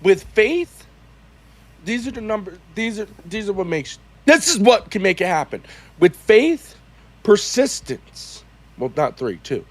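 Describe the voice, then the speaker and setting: High-voiced man rambling haltingly. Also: sing-song. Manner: halting, rambling, with false starts. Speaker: co-host of a livestream show. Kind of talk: casual livestream chat.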